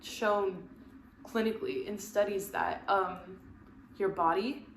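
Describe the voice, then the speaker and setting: A woman's voice: medium pitch, animated, takes it slowly. Candid, heartfelt woman guest. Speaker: podcast guest. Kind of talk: casual chat. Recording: roomy echo with faint background noise.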